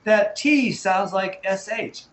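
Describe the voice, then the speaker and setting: A man's voice: high-pitched, slow pace, echoey room, slight background noise, poor audio. An American man teaching an English lesson over a video call, patiently sounding out and spelling words.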